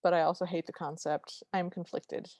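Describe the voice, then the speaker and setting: A woman's voice: on the low side, flat delivery, moderate pace, a little mellow, dry recording. A woman co-hosting a podcast, giving wry, sardonic asides in casual film recap chat. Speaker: podcast co-host.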